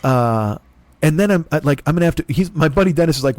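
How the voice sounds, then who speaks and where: A man's voice: a little high, animated, fast talker, darkish tone, no room sound. Profane, rambling man telling a comic story. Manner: profane, self-deprecating, jumps into voices of others in his stories. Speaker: comedy podcast host.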